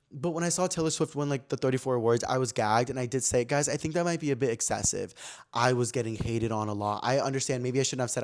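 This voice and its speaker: A young man hosting his own podcast, telling stories in a chatty, slangy way with lots of fillers. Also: medium pitch. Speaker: podcast host. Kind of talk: casual chat.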